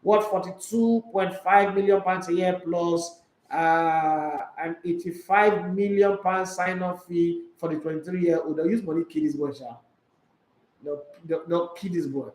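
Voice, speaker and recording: With a Nigerian accent, a sports show host chats casually on a live stream and reads viewer comments, sometimes in Pidgin. His high voice is a little mellow and a little slow, with fairly even intonation, heard in an echoey room with poor audio.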